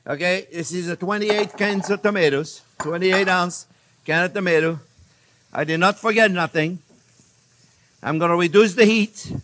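In a home kitchen, an older chef and cooking show host walks viewers through a recipe, chatting and cracking jokes along the way. He speaks with a high pitch and a fairly bright tone.

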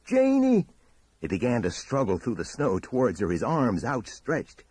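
A man reading a horror audiobook in a measured, dramatic storytelling manner. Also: on the low side, expressive, a little mellow, husky, dry recording. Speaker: audiobook narrator. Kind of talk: scripted horror narration.

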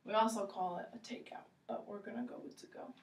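A woman teaching English, slow and encouraging, repeating phrases for a learner. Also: mid-range voice, fairly even intonation, creaky, far from the mic. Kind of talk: ESL role-play lesson. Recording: echoey room, voice from afar.

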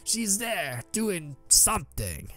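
Squeaky, wheedling alien junk dealer, greedy, pitch leaping all over. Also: male voice, wildly swooping pitch, slow pace, pushed and bright, soft background music, full character voice. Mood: mocking. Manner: wheedling, nosy.

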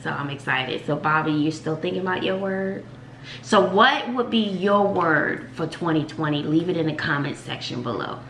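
Low-voiced mom just chatting slow and thoughtful, some room echo, faint hiss. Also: female voice, lively intonation, fairly bright tone. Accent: Texan. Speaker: mom and channel host. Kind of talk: casual family chat. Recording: echoey room with faint noise.

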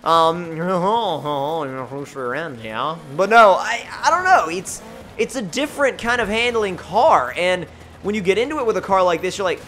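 A man giving excitable, jokey, rambling commentary while playing a racing game. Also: sits high, a little slow, a little hiss or hum. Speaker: gaming channel host. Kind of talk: gameplay commentary.

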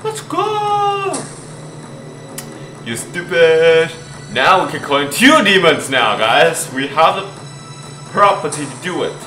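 Excitable man shouting over his gameplay. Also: on the high side, normal speed. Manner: excitable, shouts and pleads at the game, laughs often. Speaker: gaming YouTuber. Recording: echoey room with game music.

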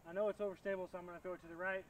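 A young man, chatting excitably to viewers as he narrates his own disc golf round outdoors. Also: high-pitched, very fast, a little hiss or hum. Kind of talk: casual play-by-play self-commentary.

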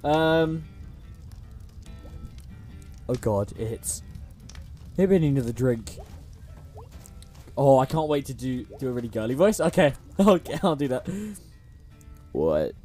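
Slow, animated gaming streamer. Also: medium pitch, soft background music. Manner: chatty and animated, reads game dialogue aloud in playful voices; swears casually, slangy. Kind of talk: casual gaming livestream commentary.

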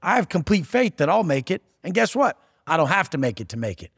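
A man's voice: fairly high pitch, very animated, a little fast, gravelly, fairly bright tone, breathy edge, no room sound, clean studio sound, in a large hall. A man giving a profane, aggressive motivational rant as a podcast guest, taunting and blunt.

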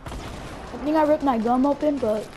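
High-voiced excitable woman gaming. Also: a little slow, noisy background. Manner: excitable, chatty, talks straight to viewers. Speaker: gameplay commentator. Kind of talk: live gameplay commentary.

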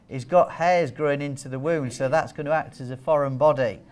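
A man's voice: fairly high pitch, fairly quick, a little mellow. A man giving a training talk to nurses as a wound care trainer, chatty and joking, quizzing the audience. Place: training hall with a live audience.

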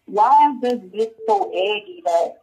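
A woman's voice: medium pitch, expressive, unhurried, a little mellow, breathy edge, poor audio. A woman calling in to a live talk show, teasing and mocking the hosts. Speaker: caller.

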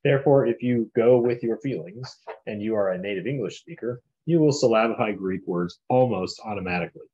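Low-voiced man reading a textbook aloud. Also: lively intonation, fairly quick, mellow. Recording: dull lo-fi classroom recording.

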